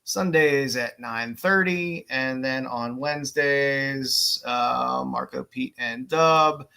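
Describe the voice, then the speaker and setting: A man's voice: mid-range voice, slow pace, creaky, sharp tone, clear, resonant tone. A man hosting a casual podcast, plugging projects and thanking his guest in an easygoing way. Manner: easygoing, wraps up the show with plugs and thanks. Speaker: podcast host. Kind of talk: casual chat.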